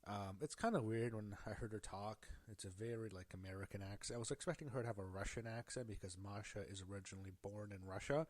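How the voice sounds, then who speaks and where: A man's voice: on the low side, quick pace, hardly any pauses, dry recording. A man giving a casual spoken review, rambling with many fillers and self-corrections and sounding openly annoyed. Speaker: show reviewer.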